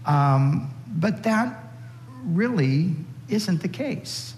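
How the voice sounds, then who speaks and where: A man co-leading a talk on marriage, relaxed and conversational, with frequent fillers. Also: high-pitched, very slow, reverberant, big-room sound, low-quality recording. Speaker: co-speaker at a marriage session. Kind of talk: sermon-style teaching.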